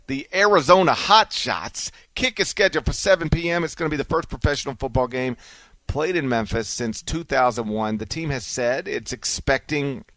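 A man hosting a sports talk radio show, animated and teasing, running through the rundown and arguing playfully. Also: medium pitch, normal speed, no room sound. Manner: animated, teasing, mock-outraged.

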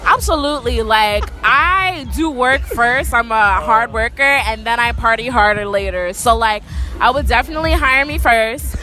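A woman's voice: a little high, normal speed, bright, forceful tone. A tipsy woman from Los Angeles, being interviewed on the street, chatty and sassy as she rambles. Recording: street noise with music and crowd.

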